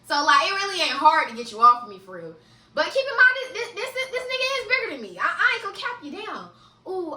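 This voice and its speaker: High-pitched and lively, a young woman swears freely and keeps laughing as she narrates a casual story-time vlog. She's recorded somewhat away from the mic in a room with noticeable echo.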